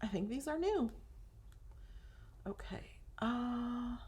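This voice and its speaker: A woman's voice: fairly high pitch, expressive, slow, a little mellow. A woman hosting a casual crafting tutorial, chatting and thinking aloud as she browses designs, sometimes dropping to a whisper over things she likes.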